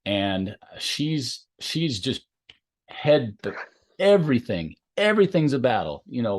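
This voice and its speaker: A man in his fifties, hosting a podcast chat, telling stories and acting out other people's lines. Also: slow. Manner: animated, acts out quotes with big pitch jumps. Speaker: host and jump coach. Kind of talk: casual storytelling chat.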